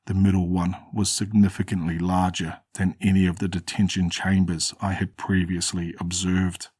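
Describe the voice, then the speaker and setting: A man narrating a first-person horror story in a steady, grim way. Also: deep voice, breathy edge, no echo, studio quality.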